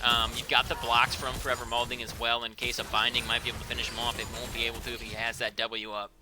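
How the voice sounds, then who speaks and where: A man giving rapid play-by-play commentary on a live esports match, his voice climbing to shouts on big plays. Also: medium pitch, completely flat delivery, music in the background.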